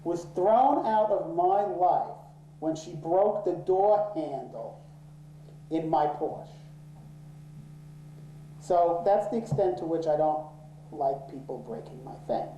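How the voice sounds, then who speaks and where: A man telling a story in an interview, swearing freely and getting worked up and loud when angry. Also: fairly high pitch, slow pace, long pauses, slight background noise. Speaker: interviewee, office owner. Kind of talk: profane, animated storytelling in an interview. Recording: roomy echo.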